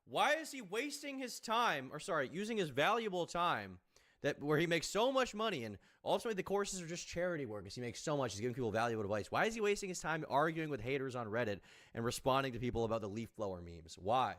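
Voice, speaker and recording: A man's voice: medium pitch, very animated, fast talker, fairly bright tone. A man streaming live, reacting to clips with sarcastic, mocking commentary and free swearing.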